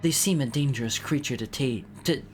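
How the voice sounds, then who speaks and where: A man voicing a calm, stern female warrior from a game, speaking in a formal, measured way. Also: mid-range voice, faint music behind, natural voice. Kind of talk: game voiceover on stream.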